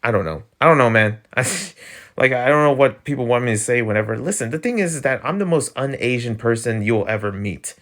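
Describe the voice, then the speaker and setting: A man rambling through a casual vlog rant at a middle pitch. He's sarcastic and loose, leaning on fillers and breaking into chuckles. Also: expressive, brisk, fairly bright tone. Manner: chuckles between lines. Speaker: channel host.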